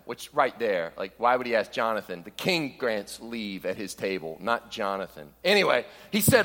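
A man preaching a sermon in an animated way, acting out scripture quotes in a raised voice and dropping low for asides. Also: fairly quick, big-room sound.

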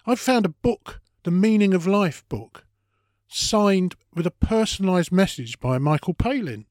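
A man in casual podcast chat, talking hesitantly and often restarting his sentences. His voice sits fairly high, recorded on a dry close mic. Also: animated, measured pace, darkish tone, dry recording.

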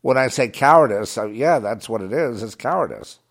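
A man delivering a rambling political monologue, halting and restarting, swinging from muttering to agitated outbursts. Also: mid-range voice, expressive. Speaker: commentator.

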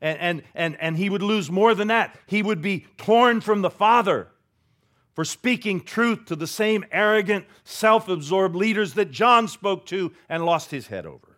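A man preaching a sermon, swinging between loud declarations and hushed asides. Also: high-pitched, animated, measured pace. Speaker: pastor.

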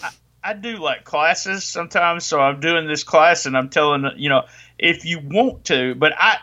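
A man's voice: on the high side, normal speed, over a noisy crowd. A middle-aged man with a Southern US accent, chatting casually and rambling with frequent restarts. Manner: rambling, self-correcting. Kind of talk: casual chat. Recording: dull lo-fi audio.

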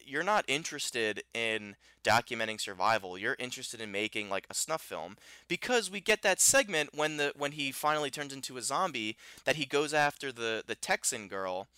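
This podcast co-host chats casually and animatedly about a film, rambling and restarting often. His medium-pitched voice is bright, forceful, clear and resonant, with lively intonation, normal speed and hardly any pauses. The recording is dry.

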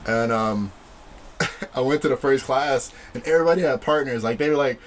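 A man's voice: medium pitch, normal speed. A young man telling a fight story in casual chat, laughing often and acting out voices.

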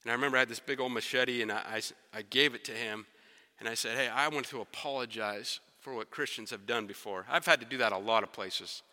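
A man preaching a sermon as a story, animated and talking straight to the crowd, then dropping to quiet intensity. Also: mid-range voice, fast talker. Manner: animated, acts out quotes and sounds, drops to quiet intensity. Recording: long hall reverb.

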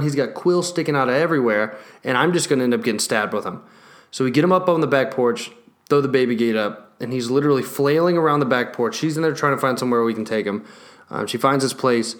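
A young man telling a story in a casual vlog, animated, swearing heavily and laughing between lines. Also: mid-range voice. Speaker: vlogger.

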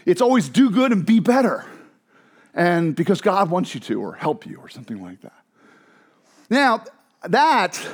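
Animated man preaching a sermon. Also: high voice. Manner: animated, conversational preaching with emphatic asides. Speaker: pastor.

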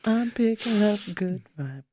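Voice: mid-range voice, expressive, moderate pace, a little mellow. A podcast co-host joining the banter with questions and teasing remarks.

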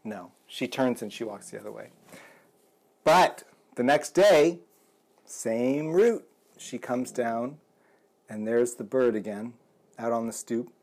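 A man's voice: medium pitch, slow pace, creaky, long pauses, a little mellow. A man telling a long shaggy-dog joke, stopping and restarting and chuckling as he builds it. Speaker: joke teller.

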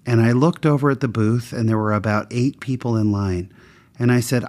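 A man of average pitch telling a personal story with a faith lesson at the end. He talks in a candid, self-mocking, conversational way. When he plays the people in his story, his pitch jumps up and down a lot. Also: moderate pace, darkish tone. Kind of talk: personal anecdote with a moral lesson.

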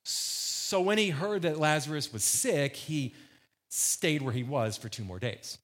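A pastor preaching a sermon, retelling a gospel story in a casual, joking way and acting out the characters. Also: male voice, fairly high pitch, measured pace, fairly bright tone.

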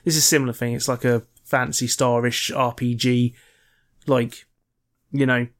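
A man's voice: mid-range voice, flat delivery, normal speed. A man in casual podcast chat, dry and teasing, describing a video game. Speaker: podcast co-host.

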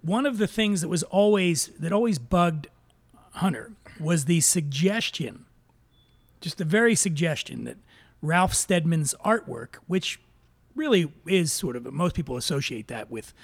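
A man hosting a podcast, telling stories in casual, animated chat. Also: a little high, a little slow. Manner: storytelling, animated asides. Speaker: podcast host.

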